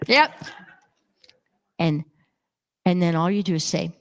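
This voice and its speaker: In a church sanctuary, a woman minister preaches a sermon, her lowish voice moving a little slowly with long pauses. She tells stories animatedly, acting out the voices of the people in them.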